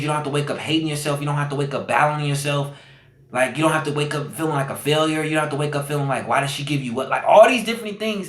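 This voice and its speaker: A podcast guest, male, tells a personal story in an earnest, searching way, repeating phrases and leaning on fillers. His voice sits a little high for a man with a fairly bright tone, and the room echo is noticeable.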